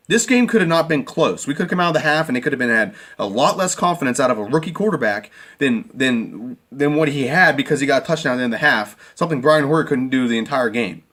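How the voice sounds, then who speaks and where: A man delivering a heated fan rant about a football game. His voice sits at an ordinary middle pitch. He sounds worked up and exasperated, and he keeps looping back over the same points. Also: animated, quick pace, a bit bright. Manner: emotional, exasperated, repeats himself. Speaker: sports fan commentator. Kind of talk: ranting game review.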